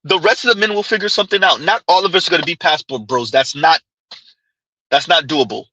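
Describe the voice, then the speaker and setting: Speaking at a fairly high pitch and a little fast, a man with a sharp tone runs a live commentary stream, reading comments and ranting emphatically with heavy repetition. He's of Caribbean descent and talks directly to chat. The recording has no echo but sounds muffled.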